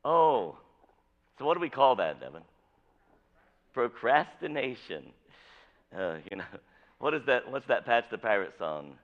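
A man's voice: mid-range voice, sing-song, measured pace, long pauses, lo-fi sound. A male pastor preaching a sermon in a conversational, jokey way, with many restarts.

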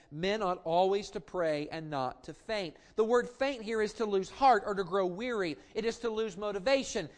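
A middle-aged man preaching a sermon as a pastor, passionate, drawing out key phrases slowly and dropping to quiet asides, with some stammered restarts. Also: sits high. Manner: impassioned preaching with slow drawn-out emphasis and sudden drops to quiet asides; stammers and restarts when building up.

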